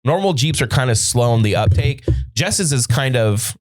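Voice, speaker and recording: A man's voice: mid-range voice, normal speed. A man hosting a podcast, telling a story in casual chat with lots of swearing and acted-out quotes, recorded in a studio. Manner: profane, animated storyteller acting out quoted dialogue. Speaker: podcast host.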